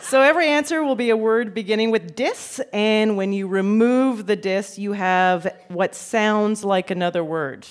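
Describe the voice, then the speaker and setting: A woman hosting a live quiz show on stage, upbeat and joking as she introduces contestants and reads the games. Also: medium pitch. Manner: upbeat, joking, quick to banter. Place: stage before a live audience.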